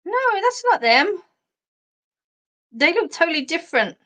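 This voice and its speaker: Giggly Australian woman, slow chat. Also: very high voice, very animated, fairly bright tone. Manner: chatty and giggly, reads out comments. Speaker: host of a live chat show. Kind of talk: casual live chat.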